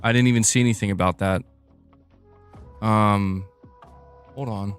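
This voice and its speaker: A man's voice: on the low side, fairly even intonation, a little slow, smooth, faint music behind. A man hosting a casual live stream about video game news, chatting loosely and reacting to his chat with frequent laughs.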